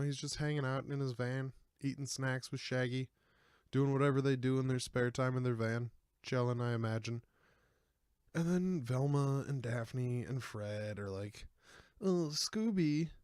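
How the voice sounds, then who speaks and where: A man's voice: medium pitch, normal speed, a little mellow, dry recording, clean studio sound. A man in his twenties hosting a podcast, rambling and joking in a casual, self-deprecating chat. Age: 20s. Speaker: podcast host.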